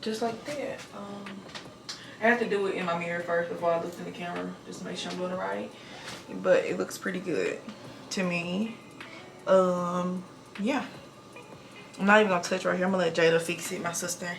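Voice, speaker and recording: A young woman in her twenties talking fast and casually while getting ready in her bathroom, recorded on a camera mic. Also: lowish voice, steady tone, music in the background. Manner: talks fast without pauses, breathy between sentences. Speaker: nurse vlogger. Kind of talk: casual get-ready-with-me vlog. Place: home bathroom.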